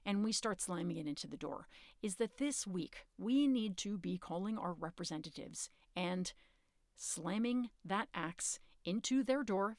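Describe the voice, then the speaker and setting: Woman podcast host, urgent and earnest casual talk, middling pitch, dry close sound. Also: darkish tone, dry recording. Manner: earnest, urgent, rises in pitch when emphatic; informal, occasionally curses.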